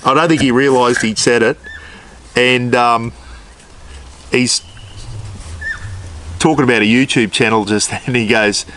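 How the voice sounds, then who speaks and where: A man's voice: mid-range voice, steady tone, measured pace, long pauses, fairly bright tone, slight background noise. An Australian man chatting casually while cooking outdoors in his backyard, laid-back and with mild swearing. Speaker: cooking vlogger.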